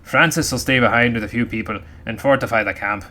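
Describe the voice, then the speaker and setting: A man's voice: medium pitch, brisk, natural voice. A man putting on a pirate voice to read a grumbling pirate captain's logbook aloud. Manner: loud, growling pirate voice. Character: grumbling male pirate captain writing his log.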